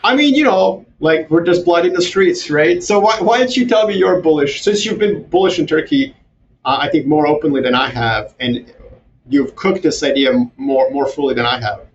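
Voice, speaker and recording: A man who grew up in Europe and the Middle East, talking as a podcast guest in a sarcastic, animated way with mocking asides. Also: fairly high pitch, normal speed. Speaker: guest strategist. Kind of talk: casual podcast conversation. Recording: distant, dull, slightly noisy remote audio.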